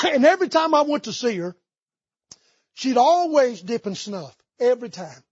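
Folksy preacher, high husky voice. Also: male voice, big pitch swings, moderate pace, no room sound, lo-fi sound. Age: 50s. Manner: folksy storytelling with Southern idioms. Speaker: pastor. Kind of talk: sermon. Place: church sanctuary.

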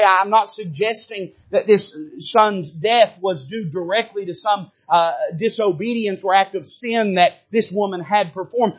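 Man, pastor, high voice, fervent sermon, speaks straight to the congregation, sharp rises and drops in force. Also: slightly rough. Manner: fervent preaching with big swings in pitch and loudness; addresses the congregation directly. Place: church sanctuary.

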